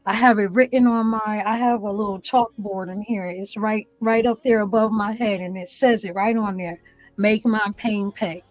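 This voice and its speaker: A woman's voice: mid-range voice, fairly even intonation, moderate pace, dry recording, rough recording. An earnest woman tells her own testimony in a preacherly way, circling back to her key phrases. Her voice sits in a middle register. The sound is close and dry, from a small room at home. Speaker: guest. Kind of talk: testimony interview.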